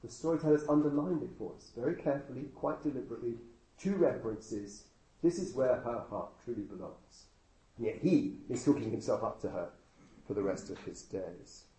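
Mellow-voiced preacher, roomy echo. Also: male voice, medium pitch, animated, fairly quick. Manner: conversational with rhetorical questions and dry humor. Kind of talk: sermon. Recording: echoey room with faint noise.

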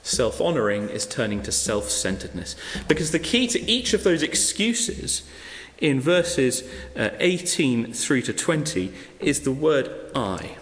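Unhurried and with few pauses, a man with a mid-range voice delivers a sermon in an echoey hall. He tells a parable and acts out its characters, animatedly voicing the guests he quotes.

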